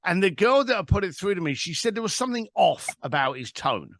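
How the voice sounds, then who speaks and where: A man's voice: sits high, sing-song, brisk, fairly bright tone, dry recording, clean studio sound. A man, a guest telling an anecdote in an interview. He acts out both sides of a phone call. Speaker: guest, author. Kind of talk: storytelling interview.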